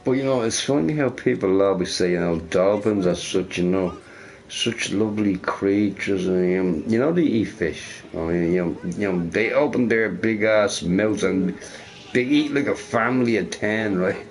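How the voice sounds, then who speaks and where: A man with a somewhat low voice chats loosely while he plays a game. He rambles, laughs at his own stories and fills his talk with "you know" and "right". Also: normal speed. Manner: rambling, laughing, fond of filler words. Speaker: gamer. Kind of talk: rambling casual chat while playing a game.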